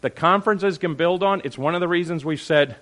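A man's voice: a little high, a little fast, a bit bright. A man leading a church group discussion, speaking emphatically and checking in with the group with "all right?" and "okay?". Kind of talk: animated teaching talk to a group.

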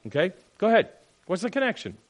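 A man leading a Bible study group, teaching in an animated, questioning way and acting out quotes. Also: high-pitched, quick pace.

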